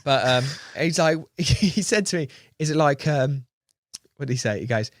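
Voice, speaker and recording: A young English man, a guest angler, chatting on a podcast and telling a story with lots of swearing and loud acted-out quotes. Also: a little high, normal speed, no room sound, clean studio sound. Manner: excitable storyteller, swears freely, acts out quotes loudly. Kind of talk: casual podcast chat.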